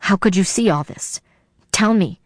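A woman's voice: medium pitch, normal speed, slightly rough, no room sound, close to an everyday voice. Brief: woman reading as a scared teen boy, stammering, dry audiobook sound. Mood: urgent. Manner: nervous, stammering. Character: frightened teenage boy, defensive.

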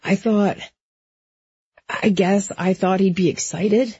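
Husky, mellow woman reading a novel. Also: medium pitch, steady tone, slow, no echo. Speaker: audiobook narrator. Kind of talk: first-person novel narration. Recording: dry, slightly dull studio recording.

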